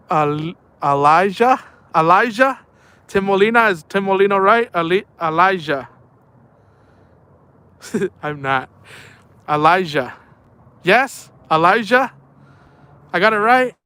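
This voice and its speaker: Casual young male streamer, playful, laughs a lot, unhurried delivery, smooth and clear. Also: high-pitched, pushed and bright. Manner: playful, laughs often, reads chat aloud. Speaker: fishing live-streamer. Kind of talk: casual live-stream chat. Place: outdoors at night by the water.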